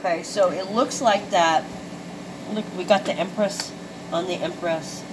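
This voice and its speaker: A woman's voice: lowish voice, steady tone, unhurried, background noise. A woman doing a casual tarot card reading for her viewers. She talks chattily, swears freely and exclaims at the cards she draws.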